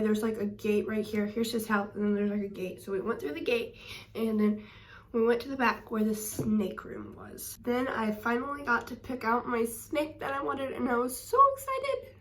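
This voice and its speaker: A young woman chats to camera, gushing and filling her story with "like" and "um". Her voice sits a little high, and she sounds a bit away from the mic in an echoey room. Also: recorded from a distance. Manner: chatty and gushing, many "like" and "um" fillers. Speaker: reptile vlogger.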